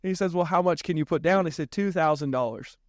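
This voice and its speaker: Animated storytelling man, dry close mic. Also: fairly high pitch, quick pace, no echo. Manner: animated storyteller, acts out quoted dialogue, laughs often. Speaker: podcast guest, real estate investor. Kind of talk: casual storytelling interview.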